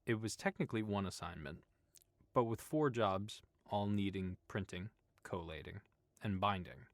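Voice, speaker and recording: An audiobook narrator with a fairly low-pitched voice speaks at normal speed, his storytelling steady and even, in a dry recording.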